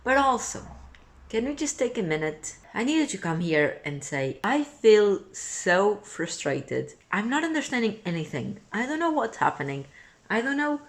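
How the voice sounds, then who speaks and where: A young woman vlogger venting in a casual reading vlog, exasperated and dramatic, her voice swinging between muttered complaints and near-shouts. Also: fairly high pitch, sing-song, moderate pace. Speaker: book vlogger.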